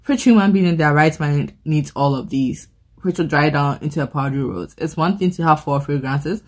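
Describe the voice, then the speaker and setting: A woman's voice: low voice, a little mellow, breathy edge. A woman reviewing perfumes in a casual, chatty vlog, rambling into playful movie comparisons and often repeating words as she restarts. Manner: frequent word repeats and restarts.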